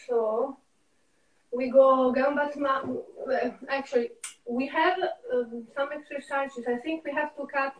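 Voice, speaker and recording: High-voiced woman calling ballet counts. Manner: calls steps rhythmically with sing-song counts. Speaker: ballet teacher. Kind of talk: counting and calling ballet steps in a live online class. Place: dance studio. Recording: echoey studio, far from the mic.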